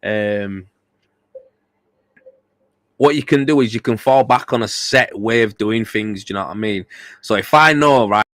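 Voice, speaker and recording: A tired man chatting loosely on a livestream podcast, rambling and swearing as he goes. His voice sits fairly low, and the sound is close and dry, with no room around it. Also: a little slow, long pauses, fairly bright tone, dry recording. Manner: blunt, swears freely, rambling with repeated fillers. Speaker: podcast host. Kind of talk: casual livestream chat.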